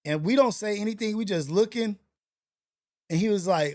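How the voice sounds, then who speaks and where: A man's voice: high voice, lively intonation, fairly quick, loud music behind the voice. Slangy man telling a story. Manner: loose, slangy retelling with many fillers and restarts. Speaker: livestream host. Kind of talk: casual storytelling. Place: home setup for a portrait livestream.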